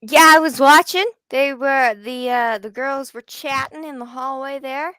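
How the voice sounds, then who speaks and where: A woman's voice: high-pitched, unhurried, pushed and bright, no room sound. A woman from Canada co-hosting a live wrestling watch party, chatting with dry asides. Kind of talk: casual chat.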